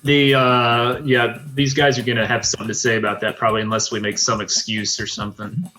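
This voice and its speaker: A man's voice: medium pitch, level tone, brisk, music in the background. A man playing a tabletop game, laid-back and a little hesitant. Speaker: player. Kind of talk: casual tabletop play.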